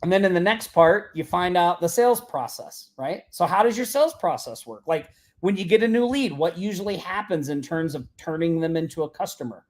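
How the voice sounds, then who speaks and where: A man with a notably high speaking voice hosts a live show and walks his audience through a sales method. He talks casually and keeps asking "right?" and "okay?" to bring listeners along. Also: fairly quick, hardly any pauses. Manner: energetic, checks in with "right?" and "okay?". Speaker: host of a live marketing show.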